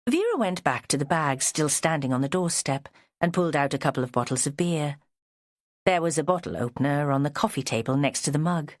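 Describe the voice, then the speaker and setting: A woman reading an audiobook in measured, expressive scripted narration. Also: on the low side, no echo, studio quality.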